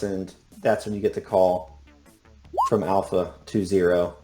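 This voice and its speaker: Relaxed male game master, casual narration with fillers. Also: sits low, measured pace, faint music behind.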